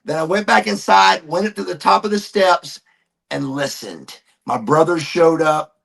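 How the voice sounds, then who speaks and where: A man's voice: a little high, moderate pace, vocal fry, fairly bright tone. A man, a podcast guest animatedly telling a personal story and calling people brother. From Georgia, USA.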